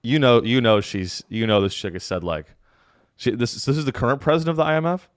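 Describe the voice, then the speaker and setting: A man's voice: medium pitch, animated, quick pace, dry recording, clean studio sound. A man hosting a podcast, in crude, joking casual chat that rambles and trails off into fillers. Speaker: podcast host.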